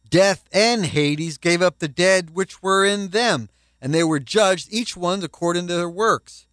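A man preaching a sermon as a pastor, emphatic and rising in pitch when quoting scripture. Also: a bit bright, no echo.

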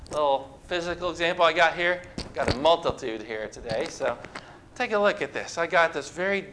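Sharp in tone and high in pitch, a pastor delivers a sermon to a church congregation. He keeps it conversational, addressing questions to those gathered.

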